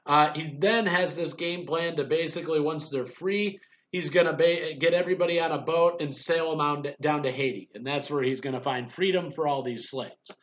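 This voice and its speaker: A man's voice: a little high, fairly even intonation, moderate pace, fairly bright tone, lo-fi sound. A man giving a recorded history lecture in a conversational way, with fillers and restarts, sometimes acting out quoted voices. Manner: acts out quoted voices to make points. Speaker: history instructor.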